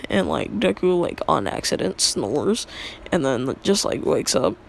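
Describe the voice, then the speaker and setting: A woman's voice: low-pitched, big pitch swings, moderate pace, gravelly, a little hiss or hum. A young woman casually retelling a made-up story in a rambling, filler-heavy way, laughing at her own jokes.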